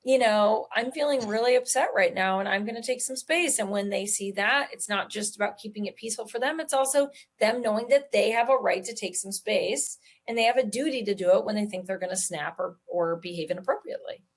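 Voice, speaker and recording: A woman, a guest author on a podcast, explaining parenting advice in an earnest way and slowing down to stress key words. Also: mid-range voice. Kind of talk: conversational interview.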